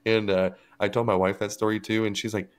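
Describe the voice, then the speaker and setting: A man's voice: lowish voice, level tone, a little fast, smooth. A man on a podcast, telling a story in casual chat and acting out what others said. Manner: storytelling, acting out quotes with laughs. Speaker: podcast co-host.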